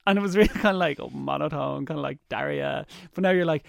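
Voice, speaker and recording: A man's voice: a little high, fast, vocal fry, few pauses, no room sound, clean studio sound. A man chatting as a radio guest, joking and slipping into cartoon impressions. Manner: jokey, slips into cartoon voices. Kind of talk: casual chat.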